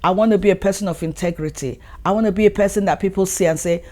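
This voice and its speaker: A woman's voice: medium pitch, fast talker, mellow. A woman hosting her own channel, giving an earnest motivational talk and repeating her points for emphasis. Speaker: channel host.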